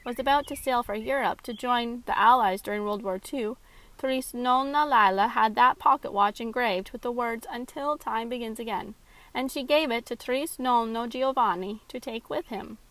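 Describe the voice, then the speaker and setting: Kobieta czytająca kwestie uprzejmego właściciela restauracji. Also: female voice, a little high, normal speed, fairly bright tone, dry recording, close to an everyday voice, rough recording. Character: kindly middle-aged Italian-American restaurant owner, man.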